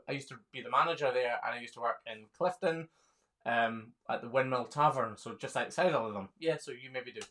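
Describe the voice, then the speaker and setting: A man's voice: medium pitch, fairly bright tone. A man, a hoof trimmer chatting casually on a live stream, reading viewer questions aloud and laughing often. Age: 30s.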